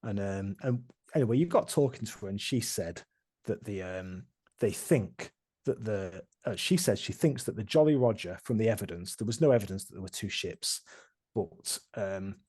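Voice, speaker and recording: A man's voice: on the low side, expressive, moderate pace, a little mellow, husky. A man running a tabletop game, recapping past sessions in a rambling, casual way with many restarts. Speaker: game master.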